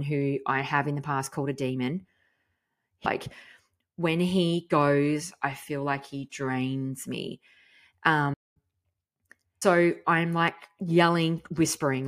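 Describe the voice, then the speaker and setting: A woman, a mother telling a story in a frank, chatty, animated way. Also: sits low. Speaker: podcast host. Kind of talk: casual storytelling monologue.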